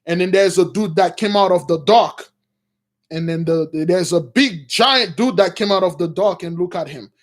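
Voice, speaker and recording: A man's voice: sits high, normal speed. A man giving an informal sermon, retelling a story and calling his listeners brothers, with many fillers and restarts. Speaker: preacher.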